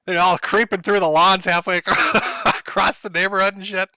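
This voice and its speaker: A man's voice: sits high, level tone, moderate pace, sharp tone, dry recording, studio quality. A man talking casually on a live stream, sardonic and mock-dramatic, laughing often. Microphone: headphones and desk mic.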